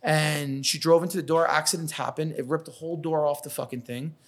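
A New York man in his thirties who owns a catering business tells stories in a casual podcast chat. His voice is a little high, a little fast and husky, and he swears often while animatedly acting out quotes.

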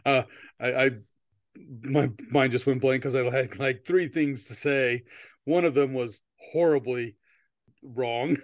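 A man's voice: mid-range voice, slow pace, long pauses, no room sound, clean studio sound. A man hosting a casual comedy podcast who jokes around, goes off on goofy tangents and laughs often. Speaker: podcast host.

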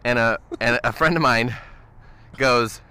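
A man cohosting a podcast, telling a story in an animated, casual way and chuckling often. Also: medium pitch, unhurried, clean tone. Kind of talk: casual chat.

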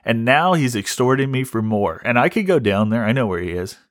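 Brief: male podcast host, mid-pitched voice, ranting comic storytelling, dry close sound. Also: lively intonation, fairly quick, no echo. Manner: exasperated, wry, repeats himself.

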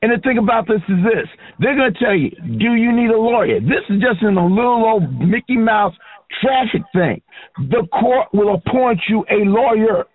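Husky high-voiced man, blunt and insistent. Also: normal speed, dry recording. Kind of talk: casual argument. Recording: phone-like dry audio.

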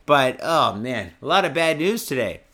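A tipsy young man hosts a podcast, delivering a comic, profane rant about the news in a mid-range, slightly bright voice. His delivery is sing-song at a normal speed, and he keeps swearing and repeating himself.

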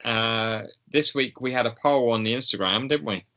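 A man co-hosting a podcast in casual chat, slow and hesitant with many ums and pauses. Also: medium pitch, pushed and bright, muffled recording. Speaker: podcast co-host.

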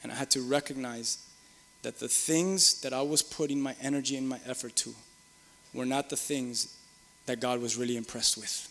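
A man's voice: medium pitch, fairly even intonation, normal speed, fairly bright tone, big-room sound. A middle-aged man preaching a sermon, earnest and repetitive, rising to emphatic peaks. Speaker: pastor.

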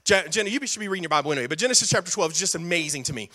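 A man's voice: high-pitched, expressive, very fast, sharp tone. A man pastor preaching a sermon with emphatic repetition and playful asides.

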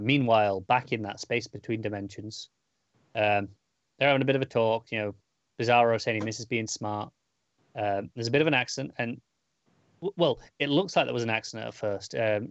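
A man co-hosts a comics podcast, recapping an issue in loose, rambling casual chat full of fillers and restarts. His voice is medium-pitched, and the audio is dull with no room sound.

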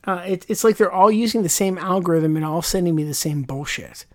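A woman's voice: fairly low pitch, a little fast, darkish tone, no room sound, clean studio sound. A woman co-hosting a podcast in casual chat, rambling and chatty, full of asides and fillers.

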